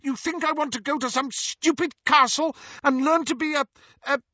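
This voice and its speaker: A man doing a shrill, spiteful girl. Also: fairly even intonation, moderate pace, no room sound. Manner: shrill, scornful, loud. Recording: slightly dull, dry recording.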